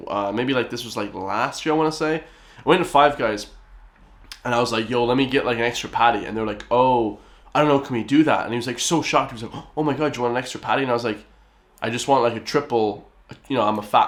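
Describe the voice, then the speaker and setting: A man's voice: mid-range voice, a bit bright. A young Irish man hosting a reaction video, telling rambling stories in casual slang. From Ireland. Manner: chatty, rambling storytelling with slang.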